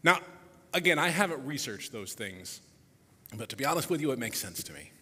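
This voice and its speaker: A man giving a reflective public talk before a musical performance, animated, his voice dropping softly at the ends of phrases. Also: mid-range voice, brisk, long reverb tail. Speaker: speaker introducing a musical performance.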